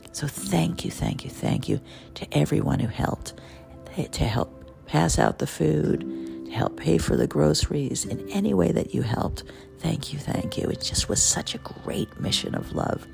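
A podcast host at home in the early morning, speaking in an excitable, jazzed-up monologue with hushed asides. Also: medium pitch, creaky. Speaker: podcast host and memoir author. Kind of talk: personal gratitude monologue.

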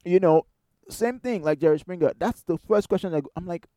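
A man preaching a sermon in a conversational, animated way, firing rhetorical questions at the congregation. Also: high voice, fairly quick, dry recording. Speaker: pastor.

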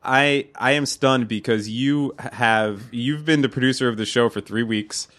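A man's voice: mid-range voice, unhurried. Tired, rambling man host. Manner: rambling, swears often, animated retellings. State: tired and drinking. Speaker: podcast host. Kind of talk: casual profane banter.

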